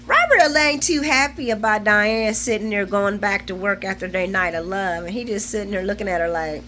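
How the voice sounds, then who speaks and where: Bright-voiced woman in her forties chatting. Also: mid-range voice, normal speed, slight background noise. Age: 40s. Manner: chatty and colloquial, laughs often, retells scenes with feeling. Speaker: soap opera recap host. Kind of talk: casual chat, episode recap.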